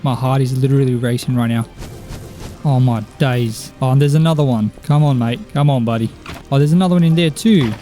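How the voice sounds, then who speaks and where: A young man giving excitable gameplay commentary as a video game streamer, often exclaiming and talking to the characters in the game. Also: medium pitch, fairly quick, faint music behind. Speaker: Minecraft YouTuber.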